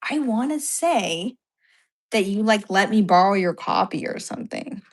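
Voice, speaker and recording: A young woman chatting on a video call, animated and talkative, often retelling what others said. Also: mid-range voice, normal speed, slight background noise. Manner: chatty, animated, quotes others in little voices. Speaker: co-host. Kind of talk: casual chat over a video call.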